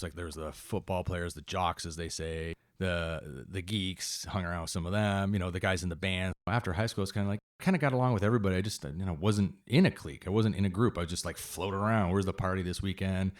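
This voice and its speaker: Canadian guy in his 40s, rattles off stories fast, low voice, acts out quotes. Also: no echo, clean studio sound. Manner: animated, jumps into quoted voices. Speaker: guest, fire captain and paramedic. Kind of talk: casual interview storytelling.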